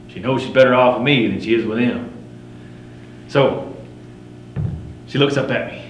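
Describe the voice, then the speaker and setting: A man's voice: medium pitch, a bit bright, natural voice. A man playing a boastful frontier mountain man. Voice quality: folksy drawl with rough frontier grammar. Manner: swaggering, wry, chuckling at his own yarns. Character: boastful frontier mountain man, grizzled fur trapper telling tall tales. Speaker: living history storyteller. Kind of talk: first-person campfire tall tale. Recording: roomy recording with faint hum.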